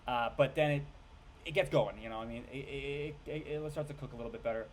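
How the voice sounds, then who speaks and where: A man's voice: mid-range voice, quick pace, slight background noise. A man giving a casual spoken movie review, rambling with lots of fillers, restarts and casual swearing.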